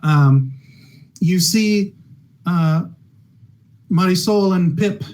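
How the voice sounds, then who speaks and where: A man with a slightly raised pitch runs a tabletop game. He narrates loosely, full of ums and restarts, and drops into quick character voices. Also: darkish tone, low-quality recording. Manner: rambling narration with many fillers and restarts, voicing characters. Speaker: game master.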